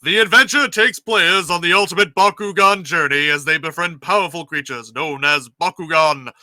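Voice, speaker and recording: A man voicing a booming male movie-trailer announcer, loud and emphatic. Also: normal speed, no echo.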